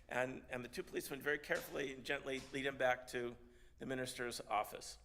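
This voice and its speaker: Bright-voiced man telling a story. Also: medium pitch. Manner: halting, repeats words often, animated. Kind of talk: storytelling sermon. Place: synagogue service.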